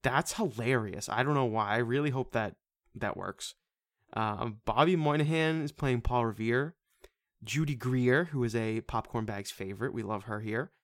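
A man co-hosting a casual movie podcast, excitable, swearing casually and laughing often. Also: mid-range voice, normal speed, dry recording, clean studio sound. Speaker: podcast co-host. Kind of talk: casual movie-review chat.

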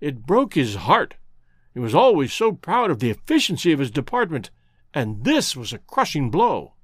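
A man voicing a grieving middle-aged colonel who speaks in a halting, earnest way. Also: on the high side, huge pitch swings, husky, no echo, studio quality, voice pushed down, exaggerated voice.

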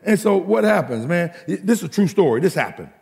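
A man's voice: sits high, big pitch swings, brisk, vocal fry, darkish tone, breathy edge, in a large hall. A man preaching a sermon as pastor, rhythmic and emphatic, mixing humor with calls to the congregation.

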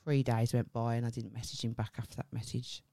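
Her voice is very deep and she talks fast as she co-hosts a podcast. In the casual conversation she tells a lively story full of swearing, acting out each quoted line.

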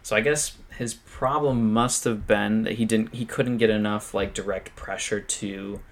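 A man's voice: lowish voice, steady tone, measured pace. A man co-hosting a podcast, telling a survival story in a loose, chatty way, swearing freely and laughing often. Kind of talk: casual storytelling chat.

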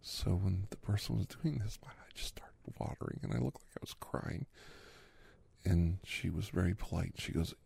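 Husky deep-voiced man, whispered role-play. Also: normal speed. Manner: rambling and soft-spoken, drifting between low voice and whisper. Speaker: ASMR podcast host. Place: quiet room near railway tracks.

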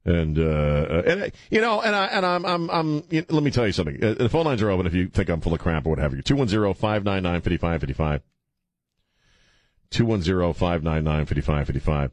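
A tired talk radio host, speaking in a very low, deep voice. He rambles bluntly and cracks jokes, stumbling through fillers and restarts. The studio microphone sound is close and dry, with no room at all. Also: very animated, fast talker, no echo. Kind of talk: casual talk radio monologue. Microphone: studio broadcast microphone.

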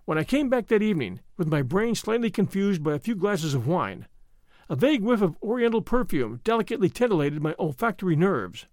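Guy narrating an audiobook, expressive, kinda high voice, dry close mic. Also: a little fast, no room sound. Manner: expressive storytelling, first-person reading. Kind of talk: scripted narration.

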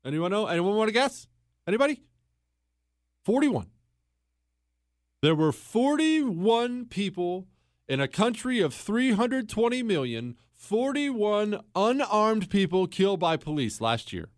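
A man's voice: high voice, sing-song, measured pace, no echo, clean studio sound. A man hosting a talk show monologue, telling a story in a conversational way and quizzing listeners with emphatic questions. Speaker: host.

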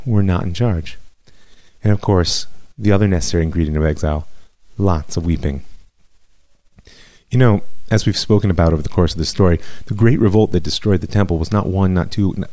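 Low, mellow-voiced male rabbi teaching. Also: dry recording. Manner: measured, reflective. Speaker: rabbi teaching Jewish history. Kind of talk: lecture storytelling.

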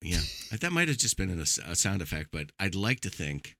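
A man's voice: low voice, big pitch swings, brisk, a bit bright, dry recording, clean studio sound. A middle-aged man hosting a casual movie chat, telling a story with a lot of swearing and acting out quotes.

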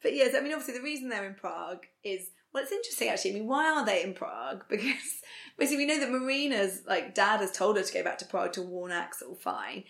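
A woman's voice: medium pitch, animated, fast talker, creaky, a bit bright. Woman co-host with a strained voice, casual chatty recap, echoey room. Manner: chatty, laughs often, bursts into playful sing-song. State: voice strained from singing earlier. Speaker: podcast co-host. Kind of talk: casual chat recapping a TV episode.

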